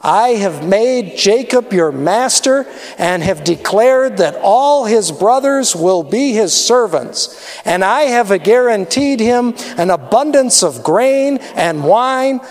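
A man voicing an aged, blind father in a grave, measured reading. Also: high-pitched, expressive, full character voice. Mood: solemn. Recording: long hall reverb.

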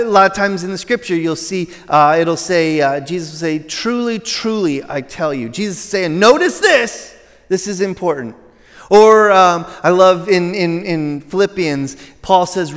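High-voiced male pastor preaching in a reverberant hall. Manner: chatty and self-deprecating, laughs at his own asides, repeats restarts. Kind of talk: sermon. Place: church sanctuary.

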